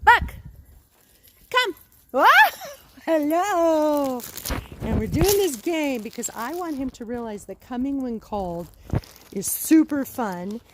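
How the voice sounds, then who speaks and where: A woman's voice: lively intonation, normal speed, background noise. A woman dog trainer teaching recall with a dog at home, upbeat and coaxing. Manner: upbeat, coaxing, high sing-song calls to the dog. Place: outdoors and indoors at a home with a dog.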